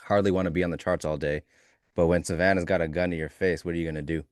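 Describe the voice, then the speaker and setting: A man's voice: low voice, steady tone, quick pace, no room sound. A man co-hosting a live trading stream, joking in a dry, teasing way. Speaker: co-host and futures trader. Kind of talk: casual live-stream banter about trades. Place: studio.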